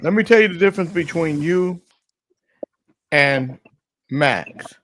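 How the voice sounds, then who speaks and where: A man's voice: on the high side, animated, slow, fairly bright tone, slight background noise. A middle-aged man hosting a morning talk show, teasing his co-host and telling crude jokes in casual, profane banter.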